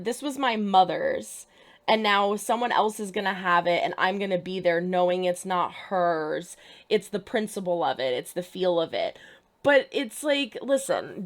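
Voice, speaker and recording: Animated woman giving show reaction commentary. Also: mid-range voice. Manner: animated, emphatic, exasperated. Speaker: reaction channel host.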